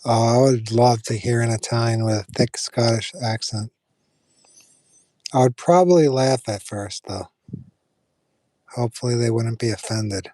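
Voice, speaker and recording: A man's voice: mid-range voice, a little slow, long pauses, dark tone, dry recording. A man chatting casually with viewers on a live stream, rambling with fillers and restarts.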